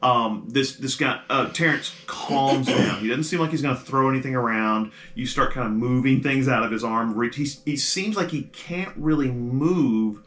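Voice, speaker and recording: A man's voice: medium pitch, moderate pace, few pauses, a bit bright. A man running a tabletop game as game master, narrating with lots of hesitations and fillers. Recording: echoey room with faint noise.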